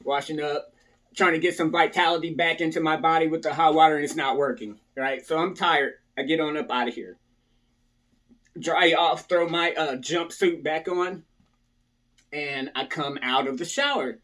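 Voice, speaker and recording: A man speaks to viewers in a casual way about something from his past, repeatedly tagging lines with "right?" and voicing other people's parts. His voice is on the high side with a fairly bright tone and normal speed.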